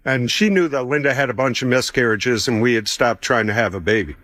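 A man's voice: mid-range voice, brisk, a bit bright, no room sound. A man in his fifties telling a personal faith testimony, conversational and chuckling as he acts out what people said.

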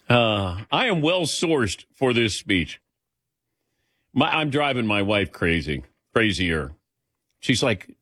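A man's voice: lowish voice, very animated, takes it slowly, pauses often, fairly bright tone, dry recording, studio quality. A man in his sixties hosting a call-in sports radio show, chatty and laughing often. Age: 60s.

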